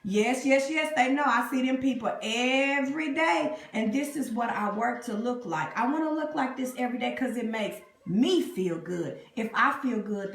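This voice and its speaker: A woman's voice: fairly high pitch, echoey room. A woman hosting a live makeup tutorial, chatting with viewers and calling them y'all and honey. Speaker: beauty vlogger. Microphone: phone camera up close.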